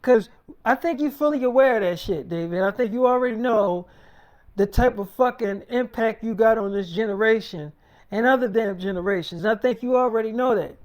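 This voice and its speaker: A man's voice: sits high, fairly quick, lightly acted. A man playing a confident male film producer who talks bluntly and brashly, swearing, in an improvised freestyle role-play.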